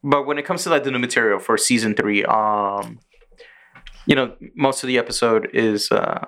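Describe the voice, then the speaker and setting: A man co-hosting a laid-back podcast, walking through anime episodes scene by scene. He swears freely and keeps a middling pitch in an easygoing, conversational flow. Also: moderate pace. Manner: profane, animated scene recaps with quoted character voices. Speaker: podcast co-host. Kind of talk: casual chat.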